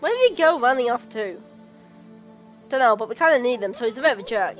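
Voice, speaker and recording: A woman doing casual let's-play commentary, reading dialogue aloud and reacting with excitement and the odd swear. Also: fairly high pitch, quick pace, pauses often, lo-fi sound, soft background music. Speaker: gameplay commentator.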